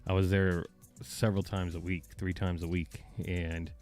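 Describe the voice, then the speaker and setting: A man's voice: low voice, level tone, moderate pace, darkish tone, faint music behind. A man from the area, hosting a casual podcast chat, profane and mocking, laughing often. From Boston area. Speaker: podcast host.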